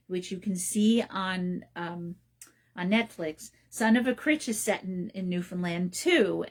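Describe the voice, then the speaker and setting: Woman host, middle-aged, lower pitch, loose rambling solo chat. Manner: rambling, with many ums and restarts. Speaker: radio show host. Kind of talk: casual solo talk.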